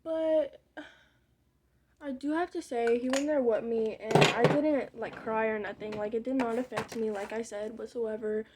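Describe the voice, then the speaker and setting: A woman's voice: fairly high pitch, steady tone, measured pace, noisy background. A young woman telling a rambling, candid story in casual vlog style while doing her makeup, with muttered side remarks. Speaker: vlogger.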